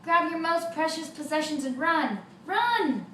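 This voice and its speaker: A woman shouting as a frantic crowd of townsfolk. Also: high-pitched, animated, moderate pace, a little hiss or hum, pitched above the performer's own voice. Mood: panicked. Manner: shouting, exclaiming. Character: angry townspeople, adult crowd, fed up. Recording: roomy echo, distant mic.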